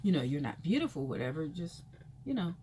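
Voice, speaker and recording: A woman vlogger telling a personal story in a casual, rambling way, full of fillers, her pitch leaping when she acts out reactions. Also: a little fast, a little hiss or hum. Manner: chatty and rambling, full of "you know" fillers; animated, jumps high in pitch when acting out reactions.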